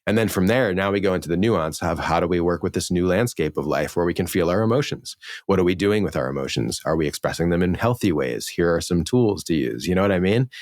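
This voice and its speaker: A man's voice: low voice, animated, quick pace, a little mellow, dry recording, studio quality. A man from New Orleans, a relationship coach, talking earnestly and emphatically as a podcast guest, swearing freely. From New Orleans, Louisiana. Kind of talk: podcast interview.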